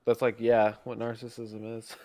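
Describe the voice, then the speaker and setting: A man's voice: mid-range voice, slow pace, a little mellow. A man who is a guest on a casual podcast, laid-back, laughing often and calling the host "dude".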